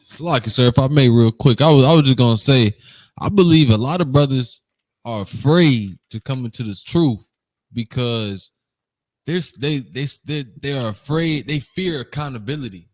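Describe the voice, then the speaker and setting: Male student, mid-pitched voice, polite and halting, restarts phrases. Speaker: student in class. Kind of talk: casual classroom comment.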